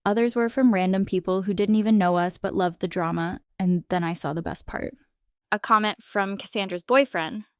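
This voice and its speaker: Woman, story narrator, mid-pitched, clean resonant voice, dry close recording. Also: steady tone, moderate pace, clear, resonant tone, no room sound. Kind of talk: scripted first-person story narration.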